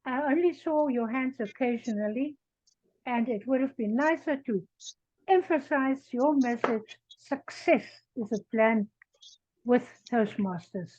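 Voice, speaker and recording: A woman giving an evaluation at an online club meeting, speaking in measured short phrases over a video call. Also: fairly high pitch, a little mellow. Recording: dry, dull video call audio.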